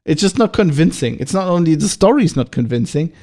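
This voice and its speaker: A man with a German accent hosts a solo podcast. His voice sits a little on the high side. He talks casually but with agitation, throwing out profane rhetorical questions. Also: big pitch swings, fast, warm tone. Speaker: podcast host.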